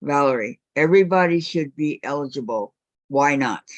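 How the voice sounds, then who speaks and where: A woman's voice: low-pitched, animated, moderate pace, no echo. Older woman hosting a chatty quilting live stream. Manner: teasing, laughing, reads out viewer comments. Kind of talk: casual chat, reading chat comments aloud. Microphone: video call.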